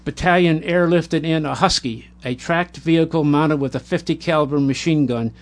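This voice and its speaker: Reading from a war memoir, this male narrator keeps a steady, unadorned delivery, though now and then he trips over a word and fixes it. His pitch is fairly high.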